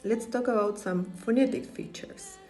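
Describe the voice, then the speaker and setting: A woman narrating a lesson on English varieties in a measured, even delivery. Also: fairly high pitch, soft background music, rough recording. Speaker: English teacher.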